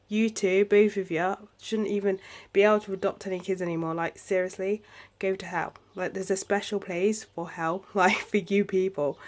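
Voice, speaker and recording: A young woman, ranting casually to camera at home in a vlog, swearing often. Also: fairly low pitch. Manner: swearing, animated, laughing between phrases. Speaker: vlogger.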